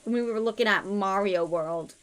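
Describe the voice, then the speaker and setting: A woman's voice: medium pitch, moderate pace. A young woman streamer chatting casually, playful and crude, swearing a lot. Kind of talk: casual live-stream chat.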